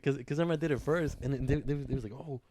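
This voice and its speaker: Fast-talking young man, stumbling repeats. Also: medium pitch, noisy background. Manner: rapid, repeats words, profane slang. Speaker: podcast co-host. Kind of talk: casual chat among friends.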